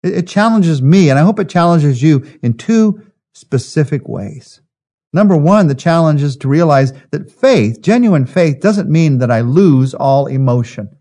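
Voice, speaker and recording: A man preaching a sermon as pastor, earnest, slowing and softening on key phrases. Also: fairly high pitch, animated.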